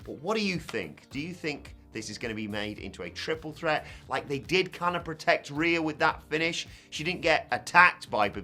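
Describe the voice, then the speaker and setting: A man recapping a wrestling show, animated, swinging from loud calls to hushed asides. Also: mid-range voice. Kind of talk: scripted recap commentary.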